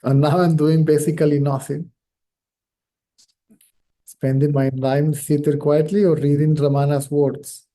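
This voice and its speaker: This middle-aged man, a native Spanish speaker, teaches on spiritual themes in a slow, thoughtful way, often repeating phrases while searching for the right word. His voice sits on the high side, mellow and flatly delivered.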